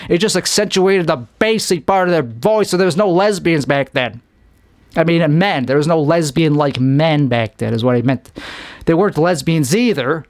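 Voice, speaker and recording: A man's voice: on the high side, no echo, studio quality. Rambling man, jokey podcast monologue. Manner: rambling, jokey, acts out lines in put-on voices. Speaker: podcast host. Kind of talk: casual solo monologue.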